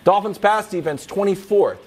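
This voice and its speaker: A man's voice: high voice, normal speed. A man co-hosting a football show, making playful, self-mocking picks. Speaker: sports show co-host. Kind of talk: bantering football picks talk.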